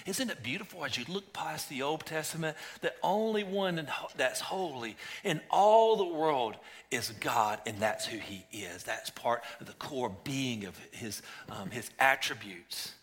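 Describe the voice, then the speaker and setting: A man preaching a sermon, reading scripture aloud and moving between hushed whispers and intense, raised passages. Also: mid-range voice, expressive, a little slow. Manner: dynamic preaching, dropping to a whisper then rising to intense cries. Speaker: pastor.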